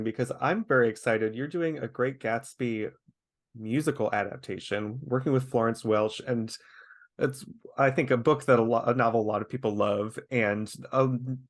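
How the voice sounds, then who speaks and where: Upbeat male interview host. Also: medium pitch. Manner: upbeat, enthusiastic questioner. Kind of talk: webchat interview.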